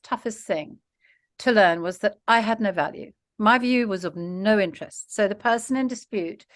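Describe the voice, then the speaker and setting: A middle-aged woman being interviewed, talking in long run-on stretches and laughing often. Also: medium pitch. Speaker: interview guest, author and mediator. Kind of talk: conversational interview.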